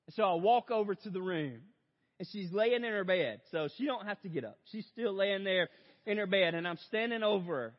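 Male preacher, storytelling sermon, slightly high voice, long hall reverb, muffled lo-fi recording. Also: animated, brisk. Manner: storytelling, addresses audience as "you guys"; swings from loud outbursts to hushed reflection. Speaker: pastor. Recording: dull lo-fi sound in a big reverberant hall.

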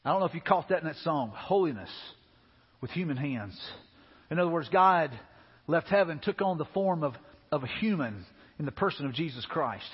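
A man's voice: on the high side, lively intonation, normal speed, breathy edge, in a large hall, dull audio. A man preaching a sermon as a pastor, talking to the congregation in a loose, conversational way with repeated asides. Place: church sanctuary.

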